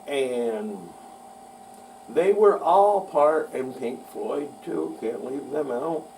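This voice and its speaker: A man's voice: mid-range voice, expressive, extremely slow, dark tone. A man hosting a show, talking about music history in a folksy, rambling way that pokes fun at himself. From United States. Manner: folksy, rambling, self-mocking. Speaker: podcast host. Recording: distant mic with faint mains hum.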